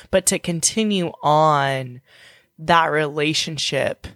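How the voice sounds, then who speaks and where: A woman's voice: deep voice, a bit bright, no room sound, clean studio sound. A woman in her thirties co-hosting a faith podcast, talking in an earnest, heartfelt and encouraging way. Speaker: podcast co-host.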